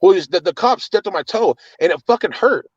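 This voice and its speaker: A man's voice: high voice, animated, a little fast, breathy edge, no room sound, highs cut off. A man with children telling an agitated, cursing story of his arrest, often repeating words. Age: adult with children. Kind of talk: casual storytelling.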